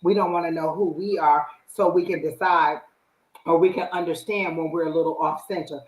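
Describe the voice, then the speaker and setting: Animated woman, low voice, echoey room. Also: brisk. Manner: animated, acts out her own inner voice and quotes. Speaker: psychic reader, live stream host. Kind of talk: casual spiritual advice talk.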